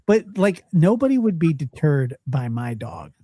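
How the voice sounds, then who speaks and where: A man's voice: a little high, very animated, a little slow, mellow, breathy edge, no room sound, studio quality. A man hosting a live talk stream, thanking callers and chatting in a friendly, conversational way. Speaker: host.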